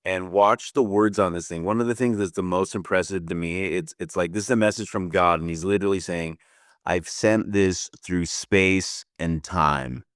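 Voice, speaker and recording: Deep smooth enthusiastic man. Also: steady tone, brisk, hardly any pauses, no echo, studio quality. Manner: eager, urging. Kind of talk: enthusiastic casual chat.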